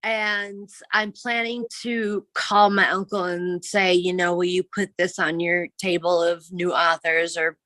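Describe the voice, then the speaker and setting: Bright-voiced woman author on a phone call. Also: fairly low pitch, flat delivery, no echo. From Minnesota, US. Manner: friendly, plain-spoken, quick to laugh. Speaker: guest author. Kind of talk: casual interview chat. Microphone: phone on a video call.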